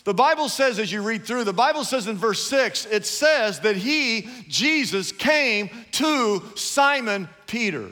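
Animated high-voiced man preaching. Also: unhurried, hardly any pauses. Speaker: pastor. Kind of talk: sermon. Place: large church hall. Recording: long hall reverb.

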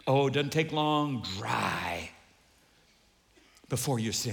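A male pastor preaching a sermon, animated and humorous, acting out the voices of the people he quotes. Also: medium pitch, slow, vocal fry, pauses often. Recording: long hall reverb.

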